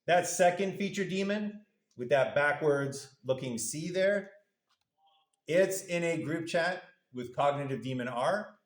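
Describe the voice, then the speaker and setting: A man's voice: fairly high pitch, expressive, unhurried. A male university lecturer giving a casual classroom lecture, playfully acting out little voices for the parts of a model. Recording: echoey room.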